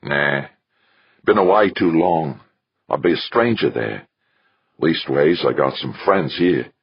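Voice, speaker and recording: A grumbling aging male miner, as a man reads him, clipped and grudging in every reply. The voice is gravel-deep and husky, yet swings around a fair bit in pitch. It sits close and dry on a slightly muffled recording. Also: lively intonation, slow pace, dry recording, exaggerated voice.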